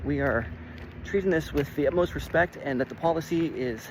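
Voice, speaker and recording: A man's voice: on the high side, fairly quick, slight background noise, lightly acted. A man quoting an evasive corporate gatekeeper. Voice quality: smooth, polite, circular talk. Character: evasive male company gatekeeper, stonewalling.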